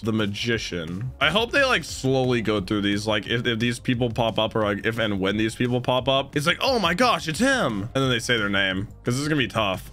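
A man hosting an anime reaction video, talking in an excitable, exclamatory, slangy way. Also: mid-range voice.

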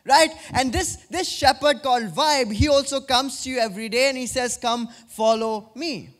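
Male pastor, young adult, high-pitched, interactive sermon delivery with playful questions. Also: fairly bright tone. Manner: interactive preaching with questions to the congregation; drops low and slow for emphasis.

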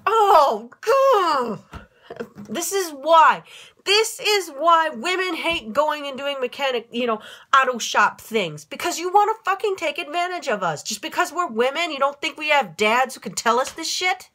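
A woman's voice: high-pitched, lively intonation, moderate pace, pushed and bright. A middle-aged woman from Minnesota, venting in a rambling, swearing vlog with lots of fillers and self-corrections, filmed on a handheld camera without a tripod. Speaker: vlogger. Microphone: handheld phone camera, no tripod.

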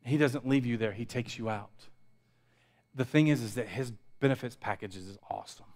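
A pastor preaching a sermon, building intensity through repetition and dropping to quiet asides. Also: male voice, medium pitch, moderate pace. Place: church sanctuary.

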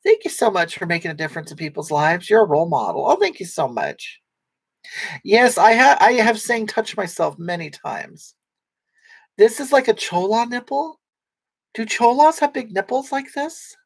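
A man, heavily acting, portrays a crude, brash middle-aged woman on a comedy livestream, her voice high, breathy, halting, and very animated. She rambles through chat comments she reads aloud, restarting sentences often and getting wounded and offended quickly.

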